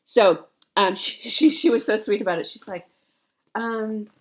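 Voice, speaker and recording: In an unhurried, medium-pitched voice, a cross-stitch vlogger in her forties rambles casually to her viewers. She leans on fillers and often corrects herself.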